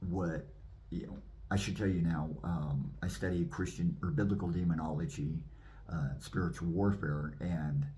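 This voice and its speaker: A man, a minister, telling his personal testimony in an animated way and acting out the scenes. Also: low-pitched.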